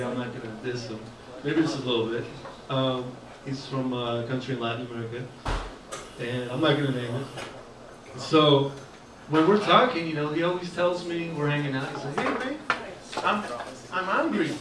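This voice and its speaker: A man's voice: medium pitch, fairly even intonation, moderate pace, crowd noise. A man doing a stand-up comedy set at an open mic, chatty and self-deprecating, with lots of uhs and ums. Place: art gallery open mic night. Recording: echoey room recorded from far off, noisy. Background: audience ambience and laughter.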